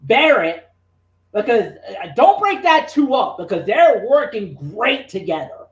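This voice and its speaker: A man co-hosting a wrestling talk show, excitable and rambling, with lots of restarts. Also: extremely high pitch, unhurried, echoey room. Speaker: wrestling podcast co-host. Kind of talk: casual chat.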